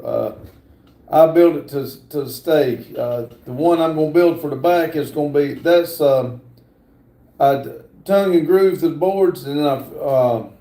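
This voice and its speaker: A man hosting a live stream in a slow, easy drawl, his fairly high voice running gravelly and dark. He talks casually and haltingly, with plenty of filler words. The sound carries a roomy echo. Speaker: livestream host. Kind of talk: casual live chat, reading comments aloud.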